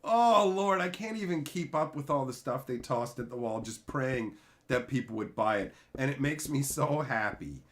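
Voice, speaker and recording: A man's voice: mid-range voice, animated, normal speed, a bit bright. A man hosting a live stream, ranting casually and sarcastically with plenty of profanity while reading out chat messages. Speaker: livestream host reading chat.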